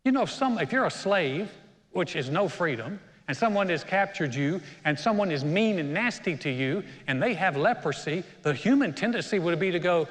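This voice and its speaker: Pastor with a higher voice in a reverberant church hall. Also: male voice, expressive, moderate pace. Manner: conversational storytelling, acts out quotes. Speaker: senior pastor. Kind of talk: sermon. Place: church auditorium.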